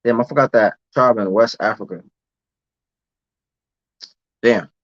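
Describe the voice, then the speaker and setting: Speaking unhurriedly in a lowish voice, this young man from the United States rambles through a laid-back live-stream rant full of street slang and repetition. There's no room sound, and the audio comes across dull, lo-fi and dry.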